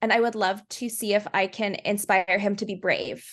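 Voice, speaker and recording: A woman's voice: medium pitch, fairly even intonation, normal speed, fairly bright tone. Hesitant woman player. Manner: hesitant, many fillers. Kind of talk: tabletop game play.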